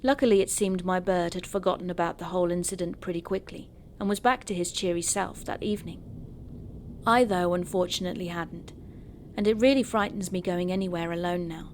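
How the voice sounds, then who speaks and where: A woman's voice: lowish voice, brisk, a little hiss or hum. Woman narrating true horror stories. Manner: steady first-person storytelling.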